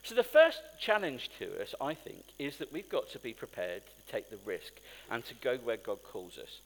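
A man's voice: medium pitch, big pitch swings, moderate pace, fairly bright tone, slight background noise. A man preaching a sermon in a conversational, storytelling way, with asides to the congregation. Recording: long hall reverb.

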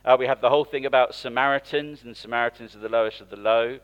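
A man's voice: mid-range voice, steady tone, fast talker, clean tone, muffled recording. Guy giving a sermon in church, chatty, keeps asking the room questions. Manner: conversational, asks the congregation questions. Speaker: preacher. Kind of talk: interactive sermon.

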